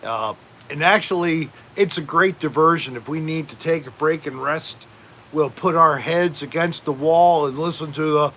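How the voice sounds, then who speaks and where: A man's voice: a little high, animated, measured pace, sharp tone, a little hiss or hum. A man hosting a casual home livestream, rambling and joking while reading out chat names. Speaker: livestream host.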